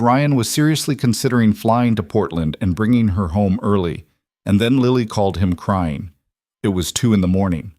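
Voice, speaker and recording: A man narrating a scripted story in a measured, even way. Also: fairly low pitch, dry recording, studio quality.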